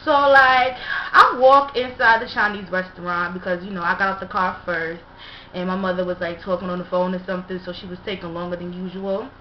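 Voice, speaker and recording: A woman's voice: fairly low pitch, steady tone, fairly quick. A young woman casually telling a story to her viewers, chatty and full of fillers. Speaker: vlogger. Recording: dull echoey room recording with faint hiss.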